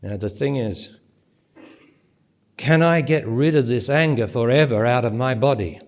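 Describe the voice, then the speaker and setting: A man delivers a spiritual talk to a live audience in a conference centre. His voice sits at an ordinary middle pitch. He presses his points with rhetorical questions and climbs to forceful, emphatic peaks. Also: unhurried. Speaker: spiritual teacher.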